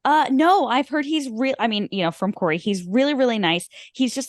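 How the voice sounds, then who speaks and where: A woman's voice: fairly high pitch, fairly quick, no echo, clean studio sound. A young woman co-hosting a movie podcast in casual chat, with wry short reactions and side stories. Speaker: podcast co-host.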